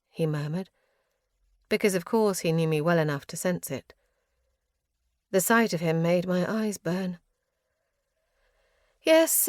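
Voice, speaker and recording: A woman's voice: fairly high pitch, a little mellow, dry recording. Female fantasy audiobook narrator, earnest, grief-laden, dry close mic.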